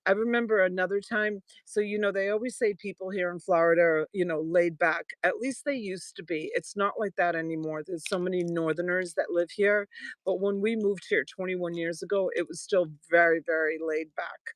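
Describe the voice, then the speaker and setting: A woman's voice: lowish voice, dry recording. A middle-aged woman from Boston, hosting a live sale and telling rambling stories with frequent laughs. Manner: rambling storyteller, laughs often, quick asides. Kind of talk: casual live-stream sales chat.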